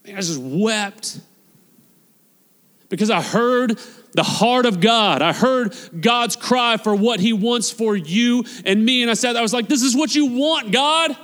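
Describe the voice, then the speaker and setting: A man preaching a sermon as a pastor, passionate and swinging between loud appeals and hushed, quiet lines. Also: high-pitched, slow. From United States. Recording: long hall reverb.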